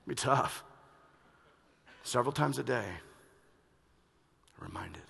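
Gravelly, bright-voiced man preaching. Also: lowish voice, huge pitch swings, normal speed, pauses often. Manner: swings between hushed, reflective passages and loud, urgent emphasis. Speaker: pastor. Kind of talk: sermon. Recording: long reverb of a large hall.

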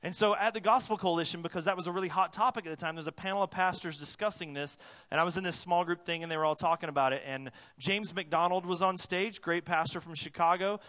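A male pastor preaching in a church hall, his slightly high voice trailing off into a long reverb. He shifts between loud, urgent emphasis and hushed, earnest moments, pressing each point home to the congregation. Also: fast. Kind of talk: sermon.

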